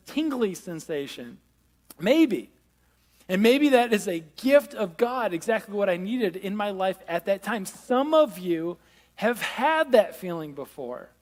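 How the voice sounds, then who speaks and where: A male pastor giving a conversational sermon with self-deprecating humor, drawing the congregation in. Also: sits high. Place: large church hall. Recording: long reverb of a church hall.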